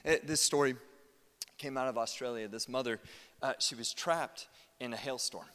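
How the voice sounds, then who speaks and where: An American man preaching a conversational sermon, animated and chatty, with asides to the congregation. His voice sits at an ordinary middle pitch. The sound carries a long reverb from a church sanctuary. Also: moderate pace. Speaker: pastor.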